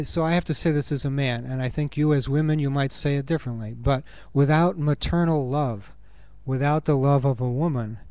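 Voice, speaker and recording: A man giving a reflective conference talk, earnest and musing, thinking aloud with pauses. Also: medium pitch, a little mellow, no echo. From United States. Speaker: conference speaker. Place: university conference room.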